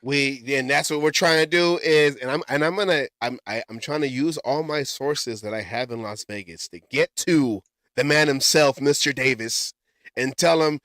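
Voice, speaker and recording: A man's voice: medium pitch, normal speed, a bit bright, dry recording, clean studio sound. A man hosting a casual sports talk show, rambling and often stumbling and correcting himself. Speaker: podcast host.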